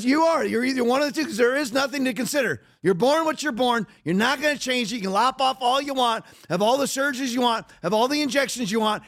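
A man's voice: very high voice, a bit bright. A man hosting a podcast, giving blunt, emphatic and mocking commentary. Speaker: podcast host.

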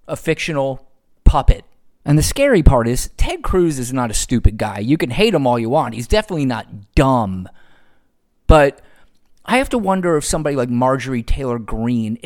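A man's voice: mid-range voice, a little mellow. A man hosting a solo podcast, ranting sarcastically with frequent profanity. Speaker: podcast host.

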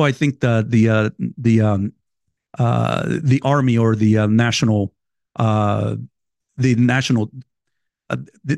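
A man with a foreign accent, talking casually to his viewers as a vlogger, halting and rambling with many restarts. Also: medium pitch, darkish tone, no echo, clean studio sound. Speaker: vlogger reading viewer messages. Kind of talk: casual direct-to-camera talk.

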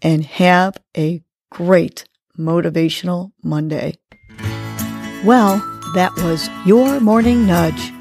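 Slow, encouraging woman podcast host. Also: lowish voice, a little mellow, faint music behind. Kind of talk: guided breathing and motivational talk.

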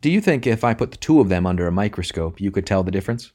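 A man's voice: deep voice, expressive, very fast, a little mellow. A man reading aloud, voicing a sly, scheming middle-aged baker who talks in a coaxing, insinuating way. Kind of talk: audiobook reading.

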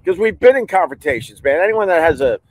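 A man hosting a podcast, casually telling a heated personal story with loud outbursts. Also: sits high, expressive, fast, rough recording. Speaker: podcast host.

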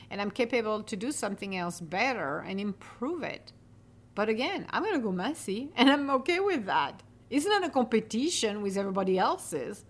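Chatty, upbeat woman podcast host. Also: fairly high pitch. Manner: chatty and upbeat, laughs often, slows into calm affirmations. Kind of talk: casual motivational monologue.

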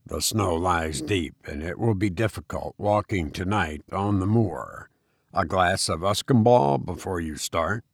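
A bitter old recluse of science speaks low and slow, as a man reads him aloud from a storybook. The voice stays subdued and heavy. It sounds dry and close. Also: creaky, no echo, full character voice. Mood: calm.

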